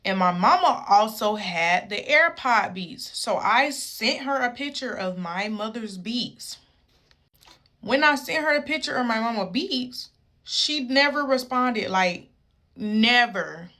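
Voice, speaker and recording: A young woman tells a casual storytime into her phone. She talks straight to her viewers. Her voice is lively and animated. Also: on the high side, slow.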